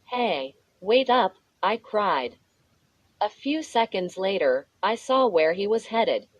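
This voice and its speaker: Woman, storybook narrator, slow pace, steady measured reading, dry close sound. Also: mid-range voice, dry recording, dull audio. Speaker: audiobook narrator.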